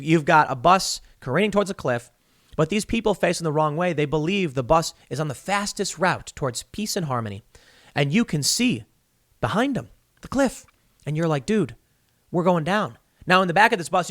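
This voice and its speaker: Male podcast host, slightly high-pitched, emphatic solo commentary full of analogies. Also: fairly bright tone, no echo, clean studio sound. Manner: emphatic, argumentative, builds extended analogies.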